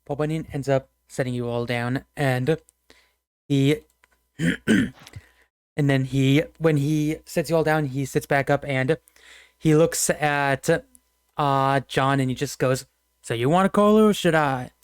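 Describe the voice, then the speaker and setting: Rambling game master with a smooth, mid-range voice; hesitant, laughs between beats. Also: medium pitch, steady tone, takes it slowly, no echo, clean studio sound. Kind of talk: narrating a tabletop game.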